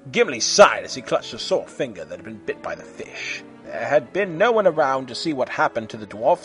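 A man reading a humorous story aloud in an animated way, slipping into silly character voices. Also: mid-range voice. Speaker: fan fiction reader.

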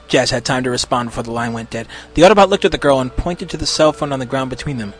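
A man narrating a story in an expressive reading. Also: medium pitch, fast, few pauses. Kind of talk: storybook reading of fan fiction.

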